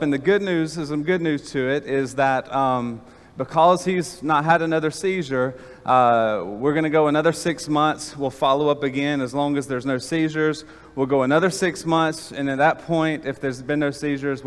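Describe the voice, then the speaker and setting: A pastor giving a sermon in a church, telling stories in a folksy way with lots of fillers. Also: male voice, mid-range voice, clear, resonant tone. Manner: folksy storytelling with many fillers. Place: church sanctuary. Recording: long reverb of a church hall.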